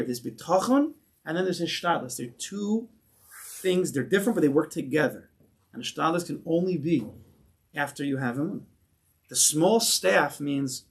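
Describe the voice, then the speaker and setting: A rabbi teaching a conversational Torah class, animated, acting out stories and asking rhetorical questions. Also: male voice, fairly high pitch.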